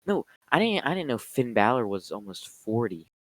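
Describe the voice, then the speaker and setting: A man's voice: mid-range voice, sing-song, moderate pace, no echo, low-quality recording. A man in casual podcast chat, making blunt, exasperated quips. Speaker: podcast guest.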